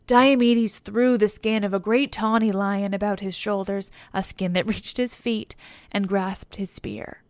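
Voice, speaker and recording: A woman reads an epic poem aloud in measured, steady scripted narration. Her voice is smooth and clean at a middle pitch. The recording is dry and close. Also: no room sound. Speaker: audiobook reader.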